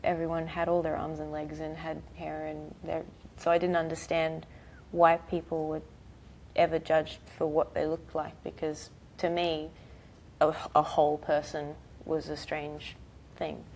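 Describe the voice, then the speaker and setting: A woman in her thirties with an Australian accent, a guest chatting casually in an interview, soft-spoken and halting with many fillers. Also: low voice, monotone, gravelly, slight background noise, low-quality recording. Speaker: actress guest.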